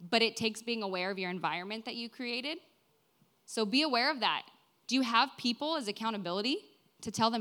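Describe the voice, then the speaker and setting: A young woman in her twenties gives a sermon in a church, her tone bright and forward. She talks earnestly and conversationally, often tossing in "right?" and "like" as she speaks to the congregation. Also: on the high side, brisk. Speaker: preacher.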